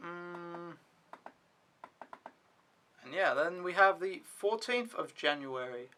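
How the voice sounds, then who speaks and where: A man's voice: high-pitched, animated, slow, bright, forceful tone, slight background noise. A young man doing a casual vlog recap of his week as an au pair, rambling with lots of "like" and frequent swearing. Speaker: au pair vlogger.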